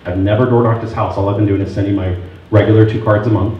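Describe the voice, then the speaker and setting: A man's voice: lowish voice, fairly even intonation, quick pace. A man giving a talk at a real estate sales meeting, telling stories and acting out both sides of phone calls. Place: meeting room. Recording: very echoey room, distant, dull and muffled, faint noise.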